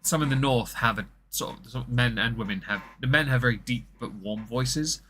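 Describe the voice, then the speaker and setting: A man's voice: medium pitch, normal speed, fairly bright tone, a little hiss or hum. A man from southern England with a posh southern English accent, co-hosting a casual political commentary chat, wry and chatty with a slight stammer now and then. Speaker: podcast co-host.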